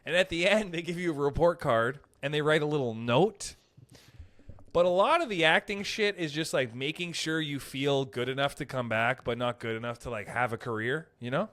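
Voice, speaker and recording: A man's voice: a little high, moderate pace. A man co-hosting a podcast in casual chat, telling stories and jumping into quoted voices. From Canada. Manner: animated storyteller, slips into quoted voices. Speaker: podcast co-host.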